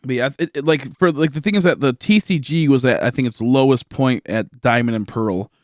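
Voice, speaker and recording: A tired young livestream host from Michigan, USA, chats casually and rambles, full of fillers and restarts. His voice is mid-range and brisk, and the recording is dry and studio quality.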